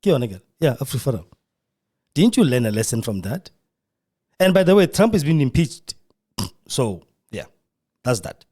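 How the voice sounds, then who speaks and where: A South African man hosting a live radio podcast from a studio. He comments in a mocking, animated way and acts out the voices he quotes. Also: medium pitch, moderate pace, pauses often. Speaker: podcast host.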